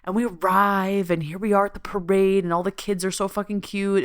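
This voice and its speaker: A woman hosting a podcast, telling a funny story in an animated, laughing, profane way. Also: medium pitch, a little fast, smooth, no room sound, clean studio sound. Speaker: podcast host.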